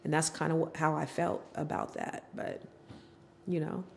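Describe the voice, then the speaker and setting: A woman's voice: low-pitched, moderate pace, vocal fry, slight background noise. A middle-aged woman, a podcast guest, telling her personal story candidly and acting out what family members said. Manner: animated, acts out quoted family members.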